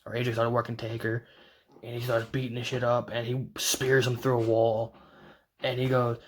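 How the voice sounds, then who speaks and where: A man talks through a wrestling match in a loose, excited recap. He rambles, restarts sentences and leans on fillers as he tells it. His voice sits at an ordinary middle pitch. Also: a little hiss or hum. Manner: rambling, fast retelling full of "like" and restarts. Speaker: wrestling video reviewer.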